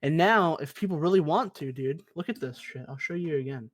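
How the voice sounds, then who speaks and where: A man's voice: on the high side, expressive, fairly quick, no echo. Young man, casual, swearing podcast chat. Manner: laid-back, swears a lot, says dude. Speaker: podcast co-host. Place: basement room.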